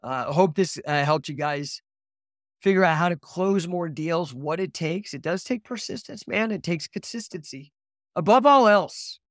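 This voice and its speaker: Male podcast host, casual and excitable, rambling slangy delivery, dry close sound. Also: a little high, no room sound. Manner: excitable, rambling, says "dude" and "man" a lot. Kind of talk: casual livestream chat.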